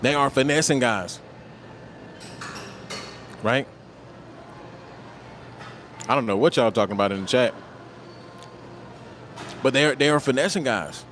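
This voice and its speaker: A man's voice: mid-range voice, unhurried, pauses often, fairly bright tone, a little hiss or hum. A man from the United States hosting a livestream, talking in a casual, slangy, emphatic way and ending nearly every point with "right?". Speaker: livestream host.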